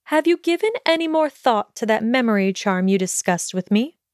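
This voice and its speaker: A woman voicing a calm, steady older headmistress witch in a storybook reading, speaking evenly and measuredly. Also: a little high, no room sound, studio quality, close to an everyday voice. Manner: even, measured delivery.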